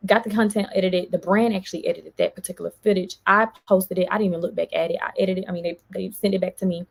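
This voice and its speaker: A woman vlogger, venting in an animated storytime and quoting others as she goes. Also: on the low side, quick pace, creaky. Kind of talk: casual storytime vlog.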